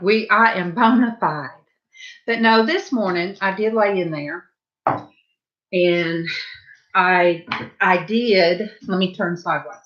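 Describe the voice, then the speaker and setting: A woman's voice: on the low side, slow pace, pauses often, a bit bright, muffled recording. A middle-aged woman with a Southern US accent chatting casually to her viewers while she paints, rambling and chatty with asides. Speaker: painting livestream host.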